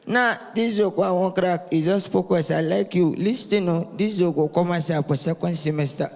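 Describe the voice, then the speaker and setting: A Nigerian comedian with a high, bright voice works a live crowd, teasing and shouting for responses. The sound carries a long reverb from the hall. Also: male voice, normal speed, gravelly. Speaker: stand-up comedian. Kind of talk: stand-up comedy set in Nigerian Pidgin.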